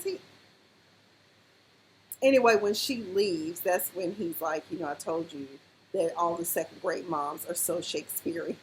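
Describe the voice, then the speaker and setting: A woman's voice: medium pitch, a little slow, slight background noise, poor audio. A woman casually reviewing a TV episode, animatedly acting out the characters' lines as she retells the scenes. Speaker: TV recap vlogger.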